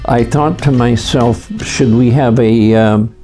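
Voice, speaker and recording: A man in his eighties, reminiscing in a documentary interview, telling stories unhurriedly with frequent pauses. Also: mid-range voice, steady tone, dark tone, faint music behind. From Canada.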